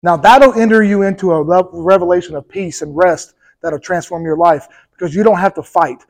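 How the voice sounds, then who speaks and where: A man with a high voice delivers a sermon to a congregation. His preaching is emphatic and builds energy, and he keeps addressing the listeners directly, asking if they are following along. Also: moderate pace, low-quality recording. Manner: addresses the congregation directly, with repeated "okay?" and "right?". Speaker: pastor.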